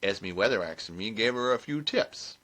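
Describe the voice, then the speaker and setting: A man's voice: fairly low pitch, animated, normal speed, bright, forceful tone. A man voicing a jolly, gossipy old village witch who chats in a folksy, exclamatory way. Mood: chatty.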